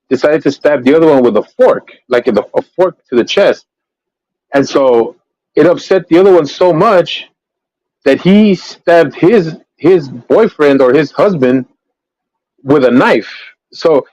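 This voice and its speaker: A man's voice: mid-range voice, darkish tone, no room sound, muffled recording. A man hosting a casual livestream, chatting in a rambling way about true-crime cases with many fillers and restarts. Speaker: livestream host.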